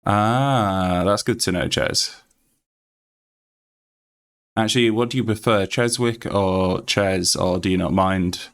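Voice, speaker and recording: Casually chatting on his game stream, this Yorkshire man speaks in a low, relaxed voice, slowly and with frequent pauses. He rambles, reads text aloud, and plugs gaps with ums and uhs.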